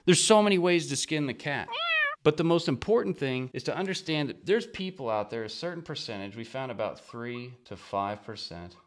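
A middle-aged man talking to camera as an online business coach. His voice sits in an ordinary middle pitch, and his delivery is chatty and persuasive as he acts out sample sales pitches in a casual, everyday way. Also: expressive, normal speed. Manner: conversational and persuasive, often acting out quoted pitches. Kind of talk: talking-head marketing talk to camera.

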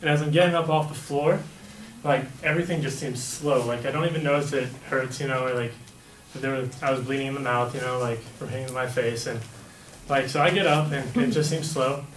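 A man's voice: mid-range voice, steady tone, fairly quick. Rambling young man telling a story in an echoey room. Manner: rambling, lots of "like" and "right?". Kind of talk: casual personal storytelling. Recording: echoey room, mic at a distance, faint background hum.

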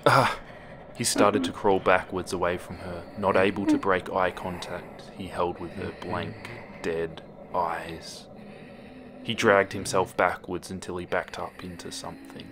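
Slow deep-voiced man narrating horror. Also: little pitch movement, noisy background. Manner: slow, hushed, dropping to near whispers. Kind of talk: scripted horror story narration. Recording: music bed under voice. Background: music.

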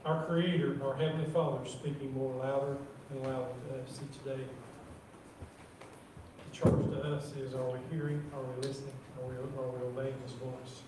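A man preaching a sermon in church, reading scripture slowly and repeating words as he talks. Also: medium pitch, level tone. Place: church sanctuary. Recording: roomy echo from far off, faint noise.

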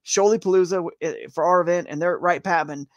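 A man's voice: high-pitched, fairly even intonation, fast talker, dry recording. A man chatting as a guest on a live interview show, rambling and upbeat, saying "man" and "dude" a lot. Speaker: guest, tournament kayak angler.

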